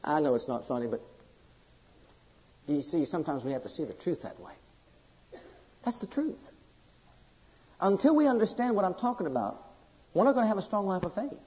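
A high-voiced pastor swings widely in pitch, keeps a normal pace, and pauses often as he preaches, telling personal stories to his congregation with emphatic storytelling. The audio is lo-fi and dull, with hall echo.

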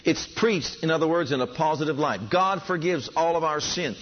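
This is a sermon from a male pastor whose voice sits on the high side and moves at a moderate pace. Fervent and building in enthusiasm, he calls for responses from his listeners, all captured in dull lo-fi sound.

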